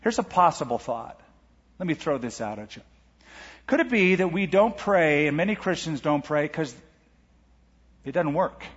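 A middle-aged man preaching a sermon as pastor, animated, asking rhetorical questions and reading scripture aloud. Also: fairly high pitch, normal speed, long pauses, slightly rough. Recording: lo-fi church recording with long hall reverb.

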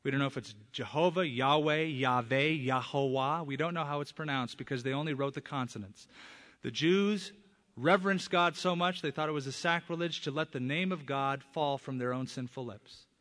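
A man preaching a sermon as pastor, speaking emphatically and punching up key words with loud stresses. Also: medium pitch, fairly quick. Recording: long hall reverb.

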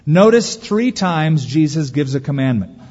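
A man preaching a sermon as pastor, lively, acting out the anxious voices of worriers. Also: on the high side, measured pace, slightly rough. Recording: dull lo-fi recording with long hall reverb.

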